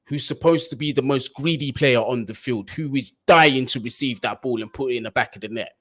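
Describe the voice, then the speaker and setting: A young man, co-hosting a casual live football chat, full of slang and climbing high in pitch when worked up. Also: a little fast, fairly bright tone. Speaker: football podcast co-host.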